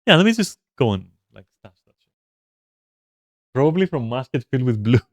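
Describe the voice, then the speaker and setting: A man's voice: mid-range voice, very animated, a little fast, dry recording. Rambling, swearing man streaming a game. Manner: rambling, profane, with frequent fillers. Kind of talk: casual gameplay commentary.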